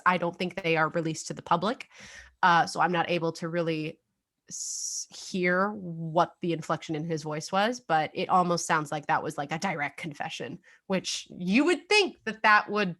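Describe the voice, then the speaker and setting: A woman's voice: on the low side, normal speed, a bit bright. A young adult woman co-hosting a casual true-crime podcast, chatty and full of fillers, laughing now and then. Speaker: podcast co-host.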